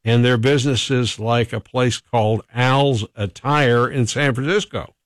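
A man's voice: mid-range voice, fairly even intonation, measured pace, dry recording. Male radio host, casual and chatty, laughs a lot, dry close mic. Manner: chatty, laughs often, reads listener texts. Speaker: radio morning show host.

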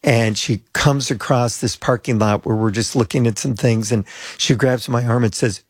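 A man's voice: mid-range voice, fairly even intonation, moderate pace, husky, dry recording, studio quality. A pastor in his sixties from the United States, telling rambling anecdotes with asides as an interview guest.

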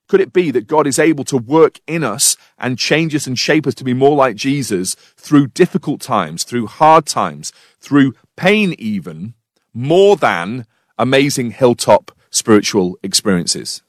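A man's voice: medium pitch, expressive, a little slow, dry recording. British man preaching with dry humour. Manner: storytelling, dry humour, reflective questions. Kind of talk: sermon with personal story.

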